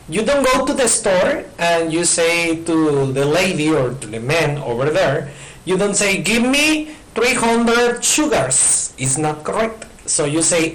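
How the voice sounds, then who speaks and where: A man's voice: high-pitched, low-quality recording. Man teaching English grammar. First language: Spanish. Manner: patient, repeats points, checks in with "okay?". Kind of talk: recorded classroom explanation. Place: in front of a board.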